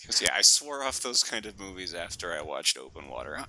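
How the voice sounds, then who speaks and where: A man's voice: low voice, sing-song, a little fast, few pauses, sharp tone, low-quality recording. A man co-hosting a casual movie podcast, joking in a wry, sarcastic way. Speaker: podcast co-host.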